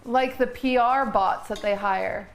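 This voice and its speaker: A woman's voice: fairly high pitch, a little slow. Chatty young woman streaming in her kitchen. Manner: chatty, talks to her chat while cooking. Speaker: streamer host cooking on stream. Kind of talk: casual chat while cooking.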